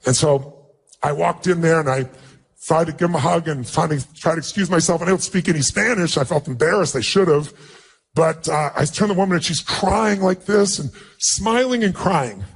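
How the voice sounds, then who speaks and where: Brisk and husky, with vocal fry and a voice on the high side, a motivational speaker recounts a personal story for his audience. He stresses his points and voices the dialogue loudly.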